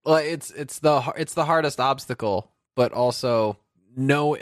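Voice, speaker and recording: A man in a casual podcast chat, wandering through self-mocking stories with plenty of restarts. His voice sits at an ordinary middle pitch. It is recorded close and dry, with no room sound. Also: measured pace, no echo. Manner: rambling, self-deprecating storyteller.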